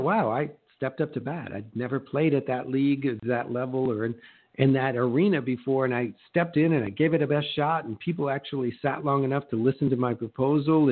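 Animated middle-aged man on a tinny line. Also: medium pitch. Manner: animated, acts out quoted exchanges in changing voices. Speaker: real estate coach. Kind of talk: motivational talk. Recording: narrow phone-like sound.

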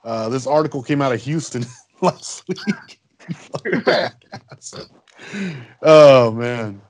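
A man with a mid-pitched, easy voice chats on a casual podcast, sharing a news item in a loose, laughing way. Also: expressive, slow pace. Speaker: co-host.

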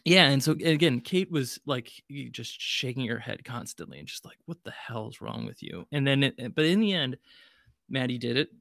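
A man's voice: medium pitch, expressive, normal speed, a bit bright, no echo, clean studio sound. A man co-hosting a podcast, telling a story in a wry, self-mocking casual way. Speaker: podcast co-host.

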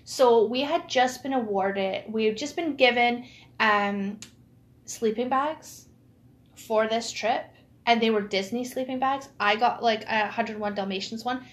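A woman's voice: on the high side, unhurried. A woman telling a funny childhood story in casual chat, laughing and using lots of fillers.

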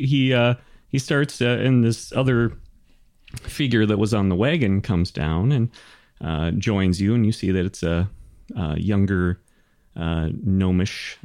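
A man narrating as game master of a tabletop game, halting and full of fillers. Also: fairly low pitch, darkish tone, no room sound, clean studio sound.

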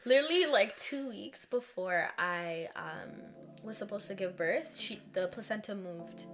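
A woman's voice: medium pitch, measured pace, faint music behind. Young woman telling a birth story. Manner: animated storytelling, acts out others' lines. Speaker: new mother telling her birth story. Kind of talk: casual chat.

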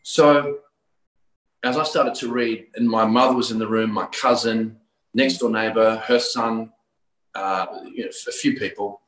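A man from Australia, middle-aged or older, telling his personal story of religious conversion as a guest, earnest and full of halting restarts. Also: lowish voice, fairly even intonation, fairly bright tone. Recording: roomy echo.

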